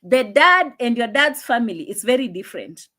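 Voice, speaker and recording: A young woman hosting a casual live stream, chatting and laughing, dropping into low asides, on a phone mic. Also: very animated, moderate pace, sharp tone.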